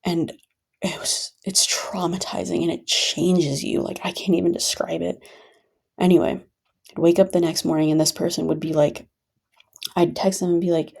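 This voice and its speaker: A woman's voice: on the low side, fairly even intonation, moderate pace, vocal fry, a little mellow, breathy edge. A woman telling her own story in a venting vlog, talking emphatically and repeating points for stress. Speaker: vlogger.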